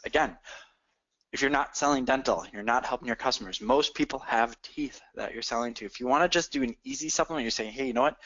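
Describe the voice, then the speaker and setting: Fast-talking male sales trainer. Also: medium pitch. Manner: energetic, coaching, addresses listeners directly. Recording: dull lo-fi audio.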